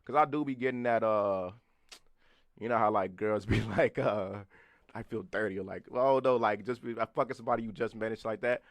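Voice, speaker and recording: A young man in his twenties rattles off casual podcast talk at a quick clip, loose and profane, often laughing and calling out to his live chat. His voice sits fairly low, and the sound is dry and close, with little room around it. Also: dry recording. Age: 20s. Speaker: podcast co-host.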